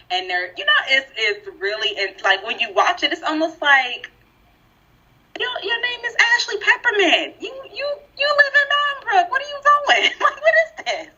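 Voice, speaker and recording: Woman podcast co-host, animated and emphatic, bright husky tone, lo-fi sound. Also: medium pitch. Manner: animated, emphatic, laughs often. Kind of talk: casual panel discussion. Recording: dull lo-fi recording.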